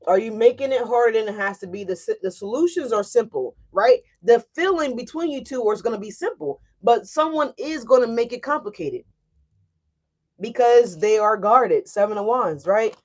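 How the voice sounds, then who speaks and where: A woman speaking to her viewers in a loose, chatty tarot reading. Her voice sits a little high, and she talks with lively emphasis. She keeps checking in with the audience and swears now and then. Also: fairly quick, few pauses. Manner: animated and emphatic, often tagging "right?", swears freely. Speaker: tarot reader. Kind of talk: casual tarot reading to camera.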